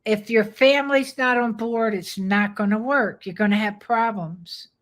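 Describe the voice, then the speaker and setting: An older woman dog trainer giving a live webinar pitch, firm, direct and plainspoken. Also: a little slow.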